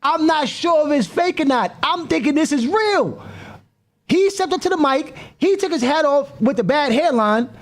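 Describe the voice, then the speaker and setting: A man with a very high voice, reacting live to a clip on his stream. His pitch jumps all over the place. He repeats himself, keeps calling out to people and riffs loudly. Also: animated, moderate pace.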